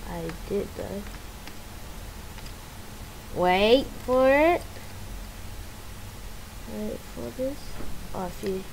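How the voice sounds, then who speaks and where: Excitable gamer woman with lively pitch. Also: very slow, creaky, pauses often, a little hiss or hum, low-quality recording. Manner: excitable, bursts of loud exclamations between muttered asides. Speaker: gamer playing with a friend. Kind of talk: casual gameplay commentary.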